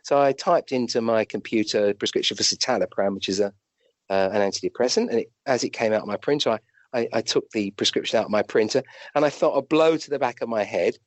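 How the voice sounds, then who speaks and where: British male guest, a doctor telling anecdotes; chatty, restarts a lot, pitch leaps up, dry room. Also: fast, no echo. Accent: British English. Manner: animated, rambling anecdotes with restarts and acted-out quotes. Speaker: guest, physician and medium. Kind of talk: conversational storytelling.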